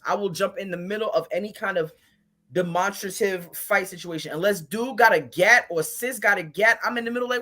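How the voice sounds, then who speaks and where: A woman from Brooklyn telling an animated story as a podcast guest, emphatic and blunt, acting out her own words. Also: mid-range voice, fairly quick. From Brooklyn, New York. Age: adult with a child. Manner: emphatic, blunt, quotes herself in lively asides. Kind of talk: casual chat, animated storytelling.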